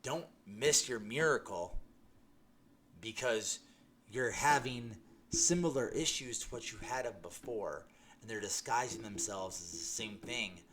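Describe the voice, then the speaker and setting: A man tells his personal healing testimony in a lowish voice, emphatic and excited, stumbling over restarts as he goes. A faint hum of room ambience sits under his voice. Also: measured pace. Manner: excited, laughing, emphatic storytelling with many restarts. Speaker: testimony speaker.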